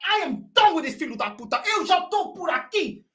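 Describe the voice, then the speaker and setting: A woman's voice: very high voice, very animated, a little fast, fairly bright tone. A woman with a London accent hosting a football fan channel, ranting furiously with constant swearing and mocking insults, slipping into European Portuguese. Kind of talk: angry fan reaction rant.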